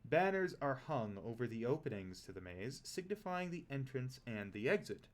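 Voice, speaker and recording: Young man, game master, relaxed narration, mid pitch, tabletop game. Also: normal speed. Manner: relaxed, laughs often.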